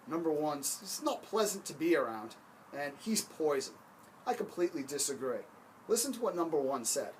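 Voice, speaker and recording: Punchy male motivational speaker, storytelling delivery, fairly high pitch. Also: very animated, moderate pace, a little hiss or hum, rough recording. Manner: emphatic, punchy.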